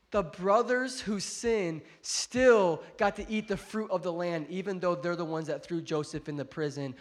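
Male pastor, slightly high voice, casual preaching with big loud swells and quiet lows. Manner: preaching that swells to loud, high-pitched climaxes then drops soft and low; conversational asides and jokes to the congregation. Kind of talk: sermon.

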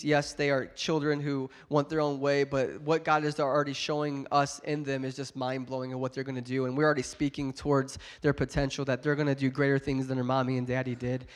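A young pastor preaching a sermon to his congregation, a little stuffed up from a cold, building to emphatic, loud exhortation between warmer, quieter asides. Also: a little high. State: congested from a cold. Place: church service with a congregation.

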